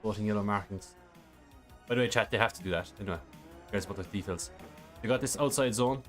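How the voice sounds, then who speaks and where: Here the streamer's voice is fairly low and his pace quick, with soft background music. He plays a driving game, picks up questions from chat, and talks through a track in a relaxed, rambling manner packed with fillers.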